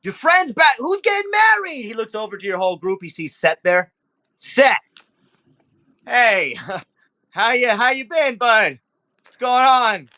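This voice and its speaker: A man's voice: very high voice, big pitch swings, a little slow, long pauses, pushed and bright, voice pushed up, full character voice. A man playing a flamboyant, boisterous club owner. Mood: flirty. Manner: boisterous, showy host, nervous underneath. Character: flamboyant male club owner in pink tuxedo.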